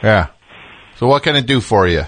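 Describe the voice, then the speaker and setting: A man's voice: on the low side, lively intonation, normal speed, a bit bright. A man hosting a call-in radio show, sarcastic and riffing with mock exasperation at callers. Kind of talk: casual call-in radio chat.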